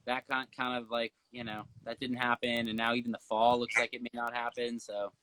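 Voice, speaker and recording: A man's voice: medium pitch, little pitch movement, a little fast, sharp tone, low-quality recording. A young man, a singer guesting on a phone livestream from home, joking and chatting with playful energy. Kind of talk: casual chat. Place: home, indoors.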